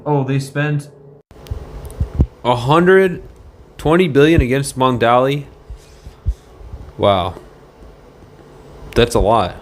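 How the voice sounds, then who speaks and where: A man chatting casually on a livestream from a motel room, rambling and halting as he reads viewer comments aloud. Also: mid-range voice, slight background noise.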